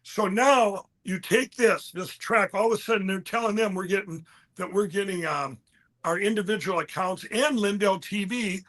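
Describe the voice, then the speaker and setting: A man speaking as an interview guest, telling a long story in an animated, rambling way and quoting other people as he goes. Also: high-pitched, normal speed. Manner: animated, quotes others in mid-story, frequent restarts.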